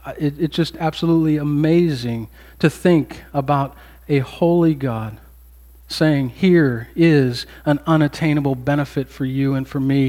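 A man preaching a sermon as pastor, earnest and emphatic, with repeated phrases and pauses. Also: a little high, darkish tone.

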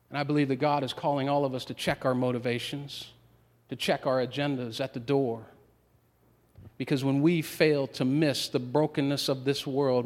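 A man preaching a sermon as a pastor, building with swells of emphasis and dramatic pauses. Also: medium pitch. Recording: long reverb of a large hall.

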